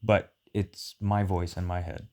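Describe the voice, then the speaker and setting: A man's voice: low-pitched, level tone, a little slow, dark tone. A man chatting casually with his wife, loose and joking, swearing freely and laughing often. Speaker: co-host of a couple's chat vlog. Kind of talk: casual chat.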